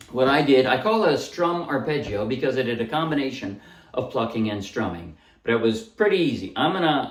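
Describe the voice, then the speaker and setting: A man casually teaching a ukulele song, explaining chords and strums and singing short bits as he plays. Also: medium pitch. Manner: relaxed, explains while playing, sings short snippets. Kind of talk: casual music tutorial. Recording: roomy echo, voice a bit far from mic, loud ukulele. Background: ukulele playing.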